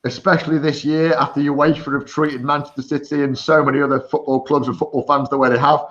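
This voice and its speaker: Animated male caller on a dull line. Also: fairly high pitch, fast. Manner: confident, animated, says mate. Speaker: caller on a live stream. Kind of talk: casual video call chat.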